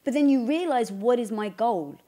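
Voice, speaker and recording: A woman's voice: on the high side, lively intonation, normal speed, warm tone. A woman co-hosting a casual talk show, thinking aloud and asking her guest questions. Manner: talks things through, asks questions. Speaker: co-host. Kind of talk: casual chat.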